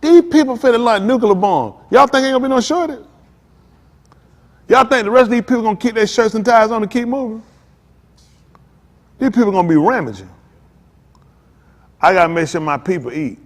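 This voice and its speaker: A man's voice: high voice, expressive, fairly quick, long pauses, big-room sound. A man preaching a sermon as pastor, fervent and repetitive in casual vernacular speech.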